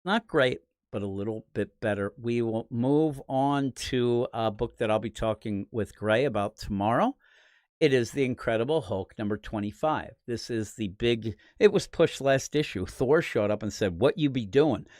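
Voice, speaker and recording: This is casual comic book preview talk from a Philadelphia-area man who hosts a comics podcast. He rambles and opines about the week's releases, tossing in animated asides. His mid-range voice keeps a moderate pace, and the clean studio sound carries no room noise.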